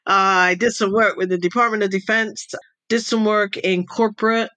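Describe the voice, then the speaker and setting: A woman's voice: medium pitch, steady tone, normal speed, sharp tone, no echo. A woman guest, an intelligence advisor, answering interview questions thoughtfully and explaining step by step.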